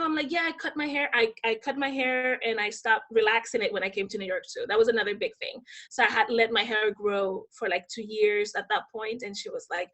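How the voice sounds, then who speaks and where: A woman's voice: fairly high pitch, fairly quick. A young adult woman from the Dominican Republic, telling stories in a casual interview and acting out the voices she quotes. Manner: animated, acts out quoted voices. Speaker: podcast guest.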